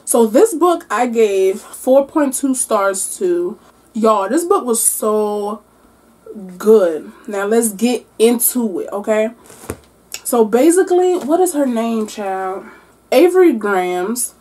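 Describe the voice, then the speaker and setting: A woman doing a mukbang-style book wrap-up, animated and exclamatory as she talks between bites. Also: fairly high pitch, slow. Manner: animated, exclamatory, talking while eating. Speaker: book vlogger.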